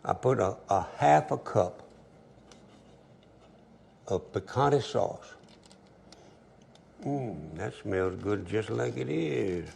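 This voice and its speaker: A man's voice: on the low side, lively intonation, takes it slowly, vocal fry, long pauses, a little mellow, a little hiss or hum. An older man, cooking at the stove and chatting folksily as he tells a story. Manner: folksy, chatty, talks to himself while working. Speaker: cook. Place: home kitchen at the stove.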